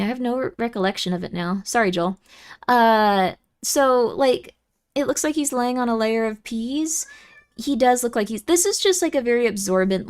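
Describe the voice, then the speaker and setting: A young woman streaming and chatting casually with viewers, giggly and easily moved, with lots of fillers. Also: on the high side.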